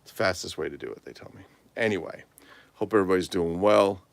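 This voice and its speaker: A man's voice: sits low, quick pace, vocal fry, no echo. A tired man chatting casually and rambling on a livestream, swearing freely. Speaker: toy collector livestream host.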